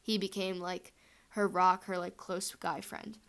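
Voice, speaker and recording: A woman's voice: on the low side, little pitch movement, unhurried, fairly bright tone, smooth. A young woman telling a fan headcanon story in a chatty, rambling way, full of fillers.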